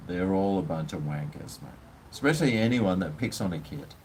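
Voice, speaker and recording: A man's voice: low voice, lively intonation, fairly quick, darkish tone, slight background noise. Blunt Australian man ranting on a livestream. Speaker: live stream host. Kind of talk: casual livestream chat.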